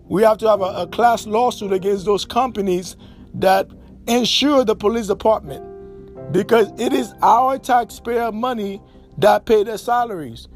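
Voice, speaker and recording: Emphatic high-voiced man on a podcast. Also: measured pace, faint music behind. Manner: emphatic, repeats key phrases for stress. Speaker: podcast host. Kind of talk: impassioned political commentary.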